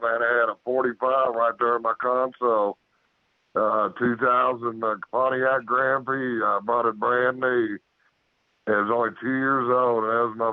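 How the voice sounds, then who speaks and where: A man, a guest on a podcast, telling a story of his own encounter in a rambling way. He keeps repeating "so, so, so" and "man", and he acts out his own shouted lines louder and higher. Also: gravelly, dry recording. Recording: tinny phone-like line.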